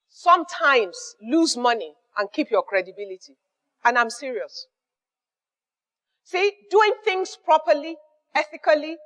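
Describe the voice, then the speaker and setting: A woman's voice: sits high, fairly bright tone, big-room sound. A woman with a Nigerian accent giving emphatic business advice as a mentor, repeating key phrases and acting out little exchanges with customers. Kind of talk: motivational business advice talk.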